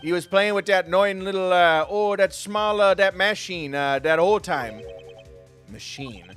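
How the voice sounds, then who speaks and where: A man's voice: sits high, moderate pace, a bit bright, smooth, soft background music, pitched above the performer's own voice. A man voicing a snooty Canadian-accented man, exaggerated and tagging lines with "eh", while reading game dialogue aloud. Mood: indignant. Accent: put-on Canadian. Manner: exaggerated "eh"-tagged delivery.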